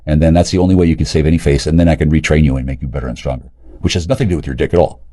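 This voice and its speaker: A man in a rambling, profane monologue, agitated and jumping between loud outbursts and low mutters. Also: steady tone. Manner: profane, agitated, rapid loud and quiet swings. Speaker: streamer talking to camera.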